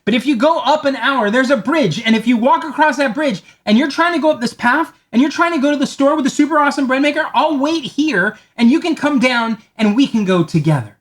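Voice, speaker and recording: A marketing speaker talks briskly with few pauses, spinning a long story in a conversational way. He's an animated storyteller who repeats words as he goes and voices the people in the tale in a higher pitch.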